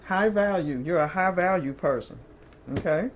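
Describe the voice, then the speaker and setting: A woman with a lowish voice at normal speed does a chatty, casual tarot reading to camera, punctuated by short laughs and frequent "okay?" check-ins with her listeners. The audio has its highs cut off and carries a little hiss or hum.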